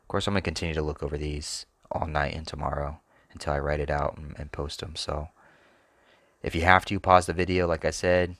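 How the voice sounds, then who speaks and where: A man's voice: extremely low pitch, little pitch movement, brisk, fairly bright tone, no echo, studio quality. A man hosting a sports picks channel, talking casually and thinking aloud, hesitant and trailing off often. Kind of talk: casual solo commentary.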